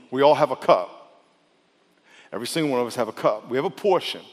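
Emphatic pastor in a reverberant church. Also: male voice, mid-range voice, big pitch swings, brisk. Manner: conversational, emphatic, drops to soft intimate tone. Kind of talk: sermon.

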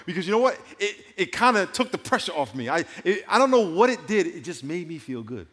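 Animated preacher in a reverberant hall. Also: male voice, high-pitched. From New York. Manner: animated, swings from hushed to emphatic, slows to stress scripture. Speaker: pastor. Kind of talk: sermon. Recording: long reverb of a large hall.

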